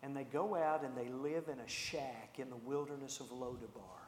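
A man preaching a sermon, telling a story with lively energy and acting out the characters' lines. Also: mid-range voice, normal speed, slight background noise. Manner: animated, acts out the characters' lines. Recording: echoey hall with long reverb.

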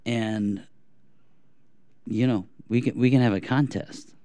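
A young man co-hosting a podcast, chatting casually in a rambling, self-deprecating way and clearing his throat often. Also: medium pitch, steady tone, slow pace, mellow, no echo. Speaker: podcast co-host. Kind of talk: casual chat.

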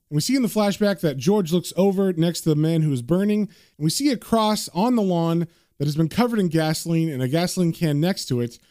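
A man's voice: fairly high pitch, animated, a little fast, darkish tone, no echo, studio quality. A man casually narrating a comic book, chatty and conversational, with frequent fillers.

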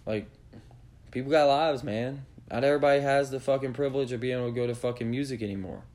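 A man's voice: mid-range voice, quick pace, darkish tone. A man hosting a podcast, delivering a blunt, profanity-heavy rant that lectures his listeners. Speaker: podcast host. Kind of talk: opinionated rant.

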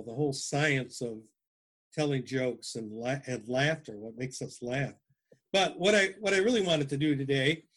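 Man, podcast host, casual chat, halting restarts, slightly high pitch. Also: fairly bright tone, slightly rough.

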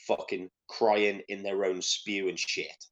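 A man's voice: low-pitched, flat delivery, slow pace, a bit bright, highs cut off. A young Welsh man chatting on a casual podcast. He rambles through his stories with plenty of ums and likes, swearing as he goes. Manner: rambling, full of fillers and swearing. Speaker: podcast co-host. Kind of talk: casual chat.

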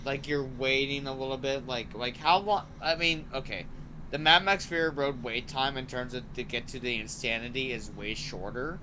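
A man chats casually as a podcast host. His voice is bright and forward. He rambles with eager energy, leaning on "like" and "um" between thoughts. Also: mid-range voice, normal speed, slight background noise. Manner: excited and rambling, heavy use of "like" and "um". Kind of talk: casual movie review chat.

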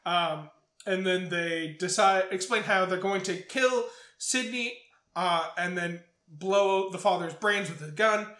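A man's voice: sits high, unhurried. A man co-hosting a podcast, swearing freely while he recaps a movie and acts out quotes. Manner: profane, animated retelling with acted-out quotes. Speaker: podcast co-host. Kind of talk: casual movie recap chat. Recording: roomy echo.

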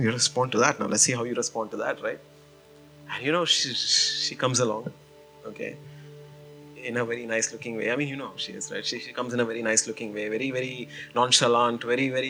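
Bright-voiced male pastor telling a story. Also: medium pitch. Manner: animated storytelling, frequent "you know" and "man". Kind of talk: sermon.

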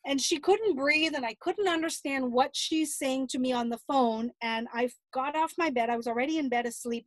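A middle-aged grandmother giving an earnest, animated personal account in an interview. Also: sits high, brisk, few pauses, no room sound.

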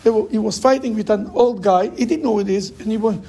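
Emphatic husky high-voiced male teacher. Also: fast, mellow. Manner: emphatic, repeats phrases to drive points home; acts out quoted people in raised voices. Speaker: teacher of a Torah class. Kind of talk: classroom lecture with stories.

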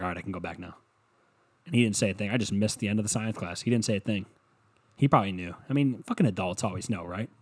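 A young man with a slightly low voice tells a rambling story in casual, foul-mouthed fashion. He mocks himself and keeps it loose and conversational throughout. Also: darkish tone. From Ohio, USA. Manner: profane, rambling, self-mocking.

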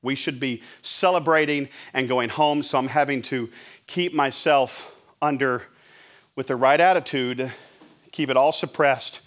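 A middle-aged man preaching as a pastor, telling an animated sermon story and acting out his own shouting. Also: mid-range voice, measured pace. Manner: animated, acts out his own yelling at a referee.

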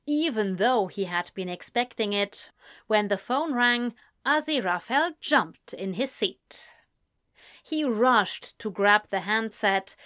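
A woman narrating a story in a slow, measured reading voice. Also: fairly high pitch, a bit bright. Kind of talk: fan fiction reading.

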